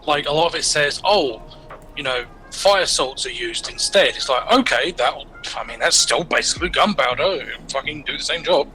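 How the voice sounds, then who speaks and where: A man talks loosely with friends over a voice call, circling back and restarting his sentences. His voice is bright and pushed forward, sitting a little high, with faint music underneath. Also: expressive, moderate pace, poor audio. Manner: rambling, full of fillers and restarts. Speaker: player in a group game stream. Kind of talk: casual group chat.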